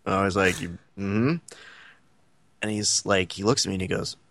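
A man's voice: low voice, flat delivery, fast talker, gravelly, fairly bright tone, dry recording. A man co-hosting a podcast, chatting casually and rambling with many fillers. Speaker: podcast co-host. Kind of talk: casual chat.

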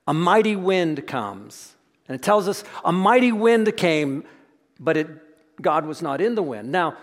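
A man preaching a sermon as pastor in a church, reflective and often sinking into a soft hush. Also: high-pitched. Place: church sanctuary. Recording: long church reverb.

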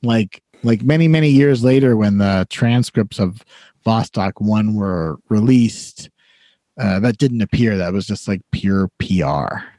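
This podcast co-host is a man who talks in a casual, rambling way, full of fillers and false starts. He sounds lowish, warm, and expressive, taking his time. It's a dry, studio-quality recording.

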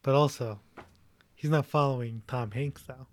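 A man in casual chat, joking and laughing often as he acts out quick lines. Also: mid-range voice.

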